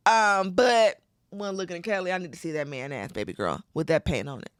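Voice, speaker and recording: A woman with a fairly low voice speaks briskly in a dry recording with clean studio sound. As a comedy podcast co-host, she tells a movie's story casually and animatedly, swearing plenty and acting out lines.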